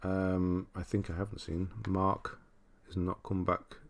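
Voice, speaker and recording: A man's voice: sits low, completely flat delivery, a little slow. A man from Britain hosting a casual livestream, reading viewer comments aloud and laughing often. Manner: chatty, laughs often, reads chat aloud. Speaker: livestream host.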